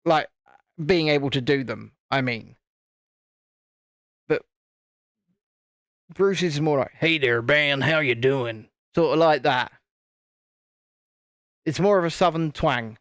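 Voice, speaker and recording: A British man from the United Kingdom hosts a live stream, chatting casually as he builds, rambling and frequently restarting his sentences. His voice is a little high, and the recording has studio quality with no echo.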